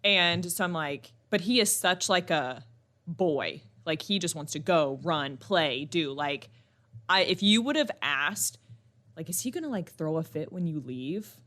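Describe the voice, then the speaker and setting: A young woman chats on a podcast she co-hosts, her voice bright and forward. She tells stories with animation and breaks into laughter easily. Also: deep voice. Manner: animated storyteller, quick to laugh. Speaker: podcast co-host. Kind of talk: casual chat.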